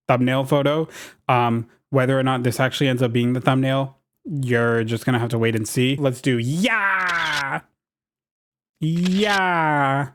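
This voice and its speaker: Excitable, chatty young-sounding man gaming. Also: mid-range voice. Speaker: gaming YouTuber. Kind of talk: casual gameplay commentary.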